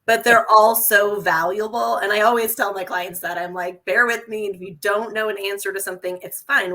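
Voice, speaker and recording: A woman's voice: fairly low pitch, pushed and bright. A woman guest on a podcast, explaining earnestly and often checking in with "right?" as she talks. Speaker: guest copywriter. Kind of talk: casual podcast interview.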